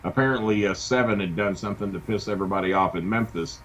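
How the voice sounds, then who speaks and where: A middle-aged man, a wrestling manager telling an animated story in a casual interview. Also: on the low side, fast. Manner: animated anecdote-telling with acted quotes. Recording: dull lo-fi sound with faint hiss.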